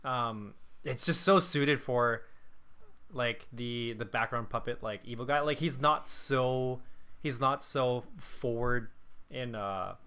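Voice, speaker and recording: Bright-voiced man thinking aloud. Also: medium pitch, slow, clear, resonant tone. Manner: thinks aloud, hesitant restarts. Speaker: podcast co-host. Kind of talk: casual movie-review chat.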